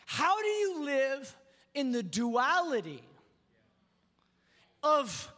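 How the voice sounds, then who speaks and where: A man's voice: very high-pitched, huge pitch swings, drawn-out words, pauses often, bright, forceful tone. A man preaching as a pastor, telling a personal story with self-deprecating humor and often repeating words as he restarts sentences. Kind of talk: sermon. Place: church auditorium. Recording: long reverb in a large church hall.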